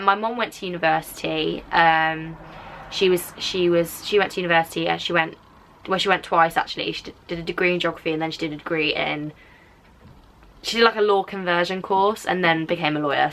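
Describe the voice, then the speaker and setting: Teen female YouTuber, English, softened Black Country accent, casual and filler-heavy, bright tone. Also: lowish voice, brisk, vocal fry. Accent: softened English, drifting toward Black Country. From Black Country, England. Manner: chatty, rambling, frequent "like" fillers. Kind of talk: casual reaction chat to camera.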